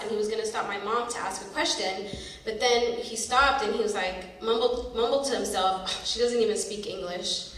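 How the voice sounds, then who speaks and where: Woman storyteller in an echoey hall. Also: on the high side. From San Francisco, USA. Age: 30s. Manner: expressive, dramatic storytelling. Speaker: storyteller performer. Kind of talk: spoken-word personal storytelling. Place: theater stage. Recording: echoey hall from far off, faint noise.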